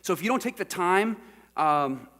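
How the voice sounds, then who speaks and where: A high-pitched, animated middle-aged man preaches at a normal speed in a somewhat bright tone, often addressing questions to his congregation. Mains hum can be heard on this church sermon recording.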